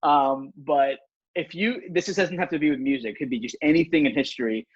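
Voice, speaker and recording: Male host, slightly high, husky, chatty, dry dull sound. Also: fairly quick, no echo. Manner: chatty, musing, drifts into tangents. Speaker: podcast host. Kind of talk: casual chat.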